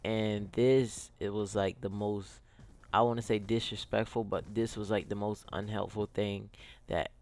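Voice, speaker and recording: A man's voice: fairly low pitch, level tone, a little slow, darkish tone. A young man telling a casual storytime on his gaming channel, rambling and slangy with lots of "like" and "yo".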